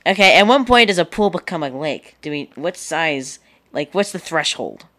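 A man's voice: fairly high pitch, animated, moderate pace, pushed and bright. A man co-hosting a casual tech chat show, giggly and rambling, often tripping over his words. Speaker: co-host.

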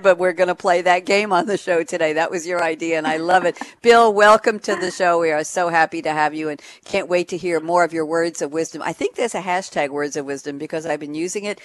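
A woman's voice: on the low side, dry recording. A woman hosting a radio talk show, introducing panel guests with an enthusiastic, emphatic manner and frequent laughs.

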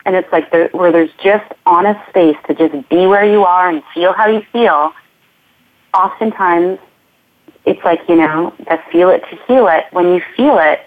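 A woman's voice: fairly low pitch, moderate pace. A woman movement teacher speaking as an interview guest, earnest and flowing, often repeating her phrases. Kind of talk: reflective conversational interview. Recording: tinny phone-like line.

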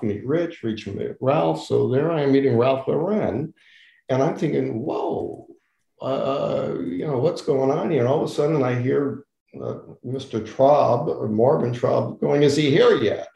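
An older man, an interview guest, telling a long story in a casual, animated way and acting out what others said. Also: medium pitch, gravelly, reverberant, low-quality recording. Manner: animated storyteller acting out quoted voices, laughs often.

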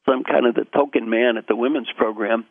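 Gravelly older man on a phone line. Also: medium pitch, fast talker, no room sound. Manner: animated storyteller, acts out quotes. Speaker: guest, executive coach. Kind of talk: storytelling interview answers.

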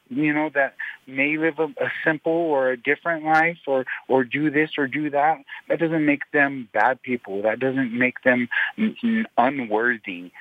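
Man, radio guest, halting speech with repeated restarts, dry close sound, phone-line audio. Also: medium pitch, dry recording. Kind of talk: emotional personal account.

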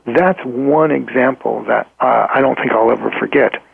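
A man with a deeply gravelly, husky voice tells a client story as an interview guest. He speaks in an earnest, halting way, full of ums and restarts. The sound is dry and tinny, like a phone line. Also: no room sound. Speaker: guest therapist.

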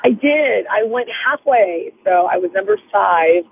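A woman guest with a raspy morning voice, talking in a chatty, effusive way during a phone interview. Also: mid-range voice, expressive, a little slow, slight background noise. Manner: chatty, effusive, laughs often. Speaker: guest, TV news reporter. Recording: tinny phone line, dry.

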